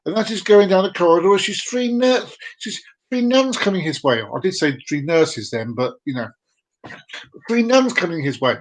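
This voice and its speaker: A man's voice: high-pitched, lively intonation, moderate pace, low-quality recording. A man hosting a casual live comedy show, chatty and playful, giggling at his own jokes. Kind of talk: casual joke-telling.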